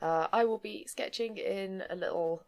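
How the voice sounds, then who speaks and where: A woman player in a tabletop game, talking in a dry, deadpan way. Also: medium pitch, moderate pace, gravelly. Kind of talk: tabletop role-play chat.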